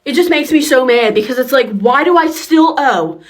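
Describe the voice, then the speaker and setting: A woman's voice: sits high, animated, moderate pace. A young adult woman in a ranting social media clip, indignant and asking the same question over and over.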